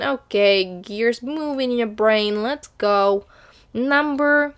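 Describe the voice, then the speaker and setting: A woman in her twenties vlogs casually and cheerfully to camera, often backing up to restart what she's saying. Her voice is a little high and clean in tone, and she takes her time.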